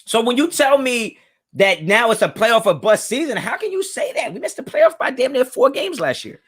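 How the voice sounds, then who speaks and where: The host of this live sports fan stream has a very high, slightly bright and husky voice with big pitch swings at normal speed. He talks directly to his chat, casual and emphatic, repeating his points.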